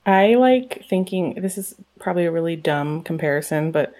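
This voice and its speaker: Candid chatty woman, casual conversation, lower voice. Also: expressive, moderate pace, darkish tone. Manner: candid, chatty, laughs easily. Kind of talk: casual chat.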